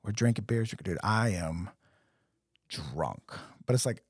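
Animated storyteller man with husky voice. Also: fairly low pitch, slow pace, no echo, studio quality. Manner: animated, acts out quotes in different voices. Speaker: podcast co-host. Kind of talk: casual storytelling chat.

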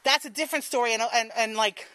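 High, bright-voiced woman telling a frank story. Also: fast, dry recording, poor audio. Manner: frank, profane and laughing. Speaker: storyteller and show host. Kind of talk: live stage storytelling.

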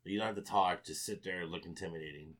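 A man's voice: low voice, fast, a bit bright. A man co-hosting a podcast, chatting about wrestling in an easygoing way. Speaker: podcast co-host. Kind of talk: casual wrestling chat.

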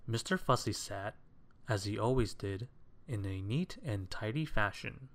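A man reading a children's story aloud in a measured, expressive way. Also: on the low side.

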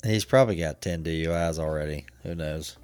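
A man's voice: extremely low pitch, fairly quick, a little mellow, clear, resonant tone, no echo. A man co-hosting a casual chat, telling stories in a laid-back way and laughing often.

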